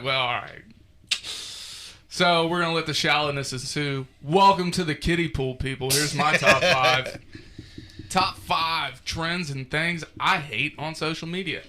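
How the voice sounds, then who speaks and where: Guy w a higher, super bright voice, crude loud podcast rant. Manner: loud, crude, animated ranting. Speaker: podcast co-host. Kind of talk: casual profane chat.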